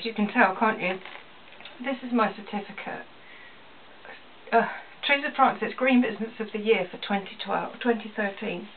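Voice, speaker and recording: An English woman who runs a small business talks earnestly to camera in a personal vlog, repeating phrases for emphasis. Her voice is mid-range and moderately paced. The recording sounds tinny and phone-like, distant, with a faint hiss.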